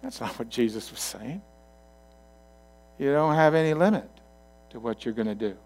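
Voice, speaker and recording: A male pastor giving a sermon in a conversational storytelling way, swinging from loud to quiet asides. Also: medium pitch, animated, normal speed.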